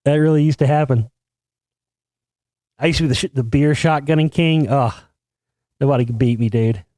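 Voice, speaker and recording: A man's voice: normal speed, no room sound, clean studio sound. Swaggering, foul-mouthed man telling a story. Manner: crude, swaggering, heavy swearing; acts out quotes with sudden loud high outbursts. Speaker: show host. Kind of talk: profane storytelling monologue.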